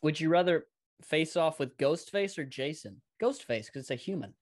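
A man's voice: a little high, animated, moderate pace. A man in casual chat, rambling and swearing freely, laughing often.

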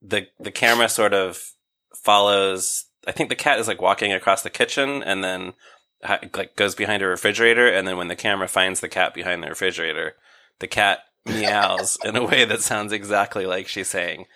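Low, bright-toned male co-host; dry, thoughtful, wry in casual banter. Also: a little fast. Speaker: podcast co-host. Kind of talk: casual chat.

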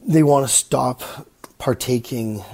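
Husky man giving blunt casual advice. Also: medium pitch, slow, a little mellow. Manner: blunt, swears freely, jokes with impressions. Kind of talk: casual motivational monologue.

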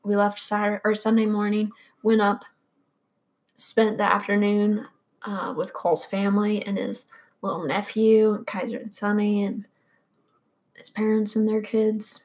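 A woman's voice: medium pitch, little pitch movement, measured pace, darkish tone. A young woman co-hosting a podcast, chatting casually and laughing often. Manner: chatty, laughs often, echoes others' speech. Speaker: podcast co-host. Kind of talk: casual chat.

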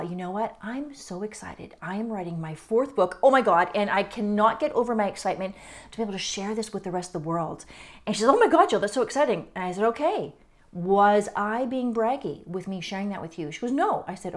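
A middle-aged woman hosting her own podcast, giving a blunt, emphatic motivational monologue with some swearing. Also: mid-range voice. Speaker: podcast host.

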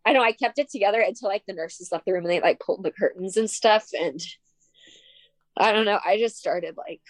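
A young woman, a guest in a personal conversation, speaking softly and tearfully with many "like" fillers. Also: mid-range voice, brisk, dry recording. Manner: soft-spoken, tearful, frequent "like" fillers.

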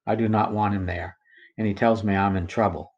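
A man narrates a personal account in the first person, his delivery steady and solemn. His voice sits on the lower side for a man. He reads with deliberate, unhurried care. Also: dull audio. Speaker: narrator of his own story.

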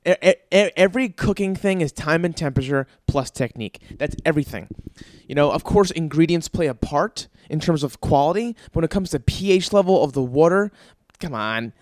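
A young man hosts his podcast in a profane, exasperated rant. His voice sits a little high. The sound is dry and close, with no room around it. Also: fairly quick, no echo. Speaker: podcast host. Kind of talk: ranting comedic monologue.

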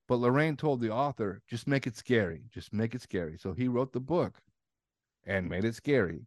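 Low-voiced man telling a story. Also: no echo, studio quality. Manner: animated storytelling, swears casually. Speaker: podcast co-host. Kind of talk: casual chat.

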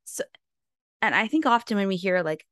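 A woman's voice: mid-range voice, very animated, normal speed, a bit bright, no echo, clean studio sound. A woman hosting a podcast, chatting casually with a guest in an enthusiastic, rambling way. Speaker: podcast host. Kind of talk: casual interview chat.

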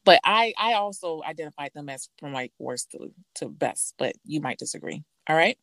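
A woman's voice: low-pitched, animated, normal speed, a bit bright, no room sound. A woman hosting a casual chat, playful and teasing, reading out lines with a laugh. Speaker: host.

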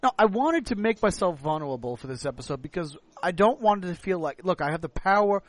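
A man's voice: high-pitched, expressive, quick pace, a little hiss or hum. A man from the United States hosting a podcast, tipsy and long-winded, rambling in casual chat. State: tipsy from drinking. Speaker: podcast host.

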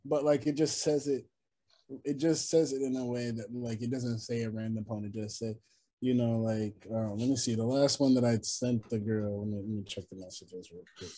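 A man's voice: mid-range voice, fairly even intonation, normal speed, warm tone. A tired young man chatting casually as a podcast co-host, rambling and laughing often. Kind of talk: casual chat.

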